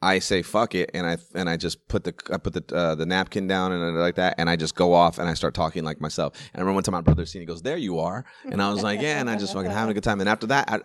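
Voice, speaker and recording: Deep-voiced man telling rambling stories. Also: steady tone. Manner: rambling storyteller, quick bursts, restarts and swearing. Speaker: stand-up comedian. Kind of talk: casual podcast chat.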